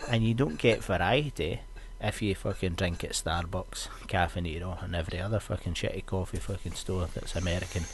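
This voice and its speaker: A man's voice: low-pitched, fairly quick, hardly any pauses, slight background noise. A young Scottish man, a podcast host, chatting casually and ranting with plenty of swearing. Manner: sweary, ranting, animated storytelling.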